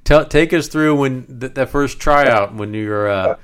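A man's voice: mid-range voice, a little slow, clean tone. A man hosting an interview, asking questions in a friendly way with many fillers. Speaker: interview host. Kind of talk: casual interview.

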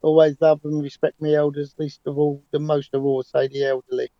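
A man's voice: on the high side, little pitch movement, a little fast, no echo, highs cut off. Confident man in his sixties. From England. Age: 60s. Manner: confident, emphatic, rambling with restarts. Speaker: interview guest, London cab driver. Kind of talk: remote interview, conversational storytelling.

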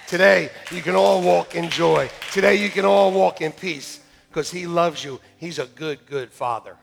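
A man preaching a lively sermon to his church, joking with volunteers in a staged skit and then shouting with excitement. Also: high-pitched, unhurried, vocal fry. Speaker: pastor. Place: church sanctuary.

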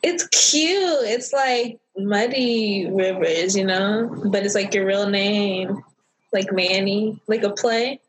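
A woman's voice: mid-range voice, takes it slowly, poor audio. A woman co-hosting a casual podcast chat, playful and giggly. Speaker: podcast co-host.

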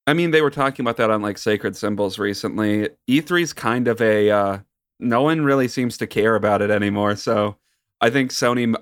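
An American man co-hosting a casual chat, with wry, deadpan jokes. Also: fairly low pitch, clear, resonant tone, no room sound. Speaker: podcast co-host.

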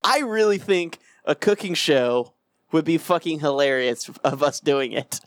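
A man's voice: fairly high pitch, animated, a little slow, no room sound. A man co-hosting a podcast in casual, profane, joking chat, acting out quoted lines. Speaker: podcast co-host.

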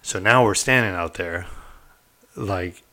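A middle-aged man with a low voice spins a personal story in a loose, candid way. He keeps checking in with his listener and drops the odd curse word. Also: slow pace. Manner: candid and animated, peppered with "right?" and mild cursing. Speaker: storyteller recounting prison life. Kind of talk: casual anecdotal storytelling.

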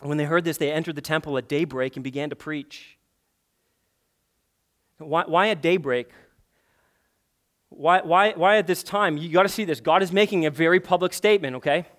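A man preaching a sermon as pastor, emphatic, swinging between loud urgent passages and hushed intimate ones, with conversational asides and rhetorical questions. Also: on the high side, normal speed, pauses often.

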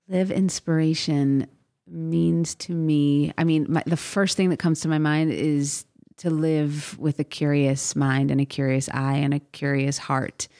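A woman's voice: deep voice, steady tone, slow pace, warm tone. A woman in her thirties, a podcast guest chatting casually, talking in rambling runs full of fillers and restarts and acting out what others said. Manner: chatty, many fillers and restarts, acts out quotes. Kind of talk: casual interview chat.

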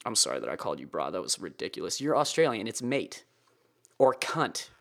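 A man's voice: on the low side, very animated, a little fast. Crude joking man. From United States. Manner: crude, joking, swears freely. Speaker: podcast host. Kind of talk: casual solo podcast commentary.

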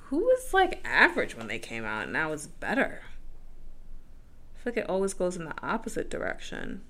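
Woman co-host, low-set but bright voice, blunt and joking, casual chat. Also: wildly swooping pitch, moderate pace. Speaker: podcast co-host.

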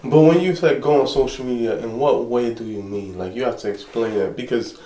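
A man's voice: mid-range voice, fairly quick, echoey room, a little hiss or hum, rough recording. A man who is a pastor and show host, telling stories in casual conversation and acting out the people he quotes. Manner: animated storyteller, acts out quoted people.

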